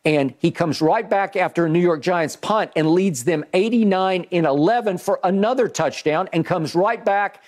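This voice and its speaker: A man hosting a sports debate show in an animated, emphatic way. His voice sits a little high for a man, and he often stumbles over repeated words as he builds up his point. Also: normal speed, hardly any pauses. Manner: emphatic, repeats words at starts, rhetorical questions. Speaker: sports talk show host. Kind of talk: animated football analysis chat.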